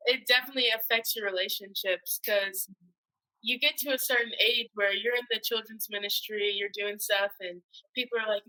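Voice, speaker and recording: A woman in a casual panel chat speaks with emphasis and backs up what the others say. Her tone is bright and forceful. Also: medium pitch, fairly even intonation, low-quality recording. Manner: emphatic, agreeing, quick to laugh along. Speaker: pastor's daughter guest.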